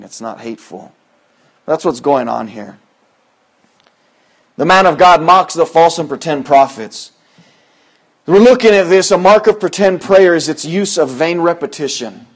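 A man preaching a sermon, moving between loud, high-pitched emphatic lines and low, quiet asides. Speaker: pastor.

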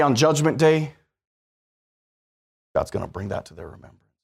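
A man preaching a sermon, telling a story from his own life, moving between hushed, slow stretches and loud, fast, rising passages. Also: medium pitch, expressive, creaky, husky.

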